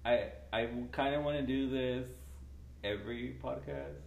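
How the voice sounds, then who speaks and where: A podcast host chatting casually, teasing and quick to laugh. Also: medium pitch, creaky, darkish tone, dull audio. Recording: roomy with faint noise.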